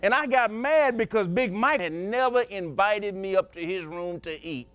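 A man's voice: sits high, animated, moderate pace, a bit bright. A male preacher telling a folksy story in a sermon, chuckling and emphatic as he goes.

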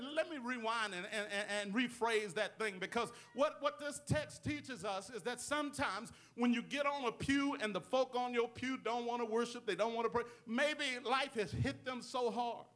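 A man's voice: very high voice, bright, forceful tone. A male pastor preaching a sermon with call-and-response, repeated amens and rhetorical questions to the congregation.

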